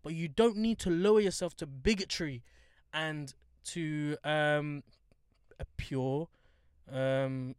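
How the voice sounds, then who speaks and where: A young man, chatting casually and telling animated stories full of slang. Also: fairly high pitch, slow, smooth, no room sound, clean studio sound. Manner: animated storytelling, heavy slang. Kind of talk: casual chat.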